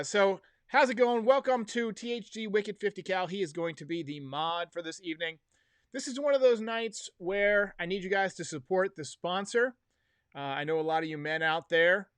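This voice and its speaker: A man's voice: on the high side, fairly bright tone, clean tone, dry recording. A man hosting a casual sports livestream, chatty, wry and opinionated as he talks to his viewers. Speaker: podcast host. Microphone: headphones and desk mic.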